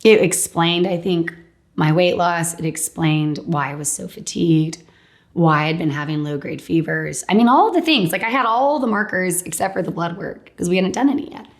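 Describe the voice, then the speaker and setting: A woman's voice: on the low side, expressive, moderate pace. A woman in her thirties candidly telling her personal faith testimony in a conversational way, full of "like.". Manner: candid, conversational storytelling with frequent "like". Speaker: guest sharing her testimony.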